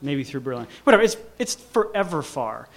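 A man's voice: mid-range voice, big pitch swings, fairly quick. A man casually telling a personal story, rambling with lots of fillers and restarts. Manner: rambling, full of "like" and "you know" with frequent restarts.

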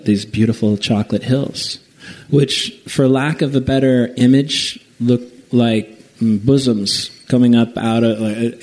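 Man telling a travel story out loud, relaxed and rambling, warm dark tone. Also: mid-range voice. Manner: casual, rambling with restarts and acted-out quotes. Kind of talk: personal travel story told aloud.

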